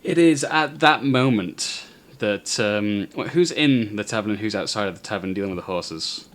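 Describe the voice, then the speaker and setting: A man narrating a tabletop game as game master, telling the scene in an unhurried, descriptive way. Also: fairly low pitch, expressive.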